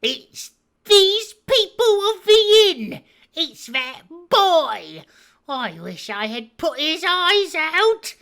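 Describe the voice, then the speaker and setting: A man voicing a vicious blind old pirate beggar who barks orders in a shrill, furious voice during a dramatic read-aloud of a classic novel. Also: drawn-out words, pushed and bright, full character voice. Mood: raging. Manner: shrill, furious barking of commands.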